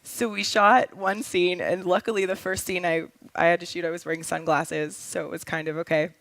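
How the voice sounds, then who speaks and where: A woman's voice: on the low side, level tone, a little fast, fairly bright tone, no room sound. A young adult woman, a film director and actress, telling a story in a casual interview. She talks in a chatty way, with lots of fillers and laughs.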